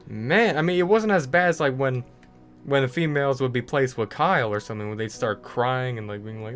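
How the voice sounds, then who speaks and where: Young guy, mid-pitched, rambling gaming rant, faint music under it. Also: brisk, a bit bright. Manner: ranting, frequent fillers and restarts. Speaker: gaming video creator. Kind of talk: casual rant over gameplay.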